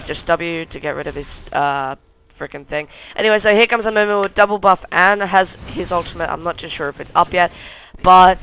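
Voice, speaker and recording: A man's voice: sits high, pushed and bright, clear, resonant tone. A young man casually talking through a replay of his own match, rambling play-by-play that keeps circling back with "anyway". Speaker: gameplay commentator.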